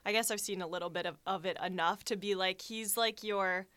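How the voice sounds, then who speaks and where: A young woman with a crisp, bright voice chats with friends on a podcast. She is playful and loose, swearing offhandedly and breaking into laughter. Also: medium pitch, fairly even intonation, brisk, no room sound. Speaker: podcast co-host. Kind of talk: casual chat.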